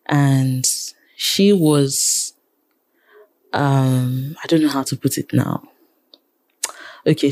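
Low-voiced Nigerian woman, animated. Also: dry recording. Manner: animated, exasperated, repeats phrases for emphasis. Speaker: radio presenter and programmer, guest. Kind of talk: casual interview chat.

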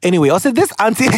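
A woman's voice: mid-range voice, heavy background noise. A young woman hosting a podcast and reading listener letters in a casual, chatty way. She laughs often, wanders off on tangents and mixes Twi slang into her talk. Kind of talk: casual chat.

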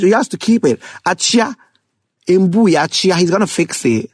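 A young man giving casual, excitable commentary on songs, laughing often and rapping lyrics aloud. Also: on the high side, moderate pace, breathy edge, dry recording. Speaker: music reviewer. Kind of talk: casual music reaction commentary.

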